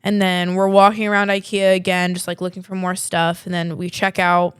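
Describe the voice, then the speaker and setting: A young woman in her twenties hosts a podcast and tells a story in a loose, chatty way. She fills it with "like" and casual swearing. Her voice is smooth, and the sound is close and dry. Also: fairly low pitch, flat delivery, moderate pace, dry recording. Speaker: podcast host.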